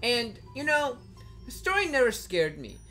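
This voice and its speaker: Animated, lively-voiced woman vlogger. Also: on the high side, unhurried. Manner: animated, blunt and joking, swears casually; rambling with many likes. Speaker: video creator. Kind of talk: casual commentary vlog. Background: background music.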